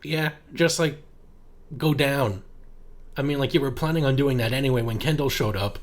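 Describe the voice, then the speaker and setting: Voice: mid-range voice, moderate pace. A podcast co-host recapping a horror movie in casual chat, sarcastic and profane, with frequent giggles.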